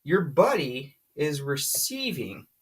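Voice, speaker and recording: Emphatic, lively radio explainer. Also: medium pitch, takes it slowly, husky. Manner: emphatic and lively, repeats points for stress. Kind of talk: casual whiteboard explanation.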